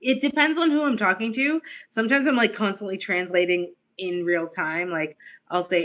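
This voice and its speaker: This chatty American streamer from the United States rambles through a casual live-stream chat, full of "like" and laughing asides. Her accent is American with a slight Australian tinge. She has a mid-range voice at normal speed with a fairly bright tone, recorded with lo-fi sound.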